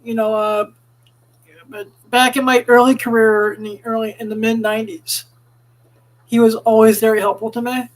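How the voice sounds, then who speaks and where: A middle-aged man with a strikingly high-pitched speaking voice. He co-hosts a casual podcast chat in a friendly way, often stammering and repeating words as he begins a thought. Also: little pitch movement, moderate pace, poor audio. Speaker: podcast co-host.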